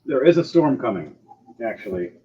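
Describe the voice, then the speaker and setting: A man running a tabletop game online as game master, describing scenes in a relaxed way with filler words. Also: medium pitch, moderate pace, husky. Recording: dull lo-fi sound with loud music behind.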